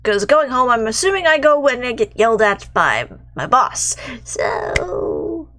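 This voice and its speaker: Lively woman reading a game aloud. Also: fairly high pitch, a little slow. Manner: animated, reacts with exclamations and swearing. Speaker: game streamer. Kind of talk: reading a visual novel aloud with commentary.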